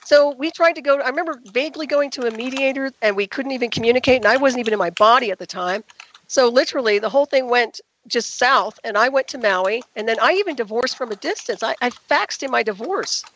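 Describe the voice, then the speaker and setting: Woman, rapid speech, slightly high voice, emphatic and indignant, radio interview guest, dull dry lo-fi sound. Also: a bit bright, slight background noise.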